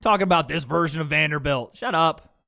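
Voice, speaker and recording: Angry streamer guy, high and sharp-edged voice, swearing constantly, snapping at chat. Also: brisk, creaky. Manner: profane, heated, snapping at chat. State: angry and frustrated. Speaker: streamer reacting to a football game and live chat. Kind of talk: heated livestream rant to chat.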